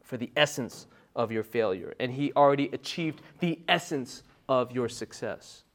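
A male pastor preaching a sermon in a conversational, emphatic style, checking in with the congregation with frequent asides and swinging between soft remarks and loud bursts. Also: mid-range voice, animated, moderate pace.

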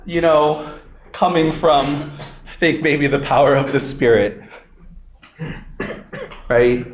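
A man preaching a sermon, telling a personal story in an animated way, full of fillers and frequent "right?" checks. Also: fairly high pitch. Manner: animated, filler-heavy, laughs often, keeps asking "right?". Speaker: pastor. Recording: echoey room.

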